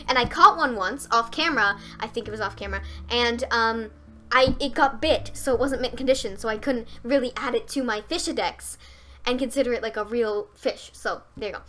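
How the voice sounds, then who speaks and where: A young woman streaming a fishing game live, chatting straight to her viewers and breaking into squeals and shouts when she gets excited. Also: a little high. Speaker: gaming streamer.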